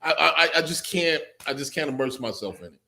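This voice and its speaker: A man's voice: on the high side, expressive, fast talker, creaky, pushed and bright. A man on a talk panel ranting in mock outrage, swearing freely and building long riffs. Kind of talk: casual chat.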